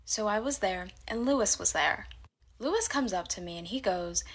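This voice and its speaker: A woman's voice: mid-range voice, lively intonation, moderate pace. Blunt, candid woman telling a story. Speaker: storyteller in a reacted-to clip. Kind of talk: casual storytelling to camera.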